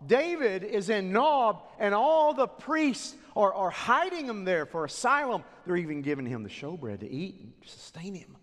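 A man doing a scheming spy, eager informer, high animated voice, long hall reverb. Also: moderate pace, few pauses.

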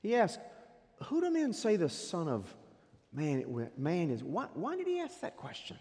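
Man preaching a sermon, high lively voice, dramatic swings from loud to hushed, long church reverb. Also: a little slow. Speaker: pastor. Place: church sanctuary.

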